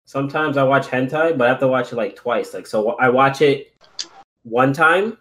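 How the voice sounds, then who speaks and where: A man's voice: mid-range voice, moderate pace, fairly bright tone. A young man rambling casually in a group call, full of fillers and jokes. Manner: rambling, many "like" fillers, joking.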